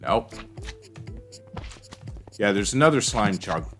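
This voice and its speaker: A man's voice: on the low side, animated, slow, fairly bright tone, faint music behind. A man streaming a game, rambling to himself and greeting chat as he plays. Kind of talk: casual gameplay commentary.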